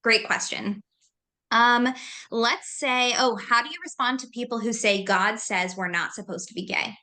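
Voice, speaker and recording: Chatty woman host, quick and casual, bright voice pitched a bit high. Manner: lively, conversational, uses "like" often. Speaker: host from a mental health company. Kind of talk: moderated discussion.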